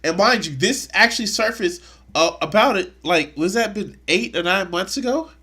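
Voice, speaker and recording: A man's voice: high voice, expressive, moderate pace, bright, forceful tone, husky. A man streaming live, commenting on clips in a mocking, crude way. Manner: mocking, crude, bursts into laughter.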